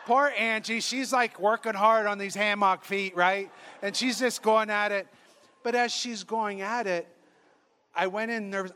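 With a bright, forceful, high-pitched voice and fairly even intonation, this priest tells comic stories at a measured pace. He laughs exuberantly through his sermon and performs the quoted voices of his characters.

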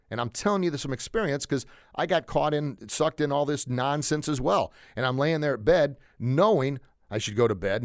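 A man's voice: medium pitch, no echo, studio quality. A man hosting a motivational podcast, speaking with energy and emphasis, repeating phrases and chuckling now and then. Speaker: podcast host.

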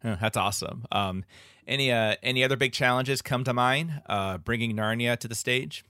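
A podcast co-host asking questions and chatting in a relaxed, friendly way. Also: medium pitch, normal speed, dry recording, clean studio sound. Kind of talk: casual podcast interview.

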